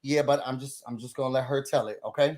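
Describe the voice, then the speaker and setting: A man voicing an unbothered reality-TV woman who brushes things off in a flat, dismissive way. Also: mid-range voice, fast talker, pitched below the performer's own voice, lightly acted.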